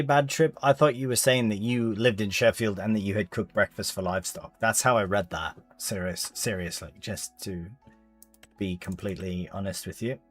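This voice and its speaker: A man, live-streaming a farming game and chatting casually with viewers as he plays. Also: lowish voice. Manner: chatty, reads chat aloud, British slang.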